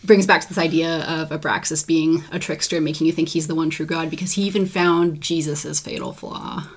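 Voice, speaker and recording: A woman in casual conversation about a film, talking in a chatty, filler-heavy way and chiming in with quick agreement. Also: sits low, fairly even intonation.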